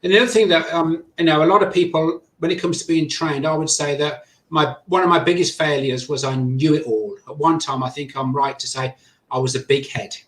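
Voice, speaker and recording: Speaking a little fast in a fairly high voice, an Englishman guesting on a podcast spins conversational stories with real animation. He voices the quotes of others as he goes, and the room gives the sound a noticeable echo.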